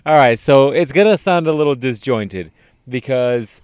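A man's voice: medium pitch, animated, normal speed, a little mellow, clean tone, dry recording, clean studio sound. Laid-back man teasing his co-host. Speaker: podcast co-host. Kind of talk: crude casual chat. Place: parked car at night.

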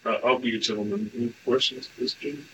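A man's voice: mid-range voice, steady tone, fairly quick, bright, forceful tone, slight background noise, poor audio. A man in a casual chat who asks questions bluntly, using crude words. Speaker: session guest asking questions.

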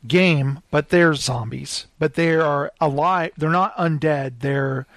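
Speaking slowly in a fairly high register, this animated storyteller shares a lengthy tale, voicing each character's quotes loudly and laughing frequently. It's a casual conversation recorded at studio quality with no echo.

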